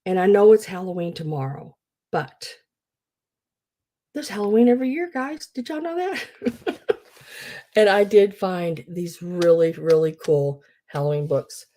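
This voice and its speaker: Woman, live-sale host, low warm voice, chatty and rambling. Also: unhurried, pauses often. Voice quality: rambling, chatty storytelling with many fillers. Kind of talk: casual live-sale chat.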